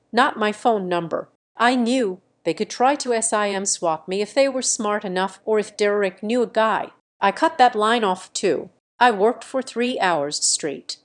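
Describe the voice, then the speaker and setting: A young woman narrates a first-person revenge story in short, clipped sentences. Her delivery stays measured and steady at a middle pitch for a woman.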